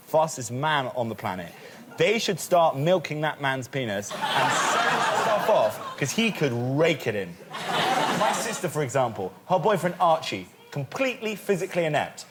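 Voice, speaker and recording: A man with a British accent riffing comically as a quiz panelist, in a rambling, animated way. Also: fairly high pitch, normal speed, very noisy. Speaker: panel show contestant. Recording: studio with loud audience.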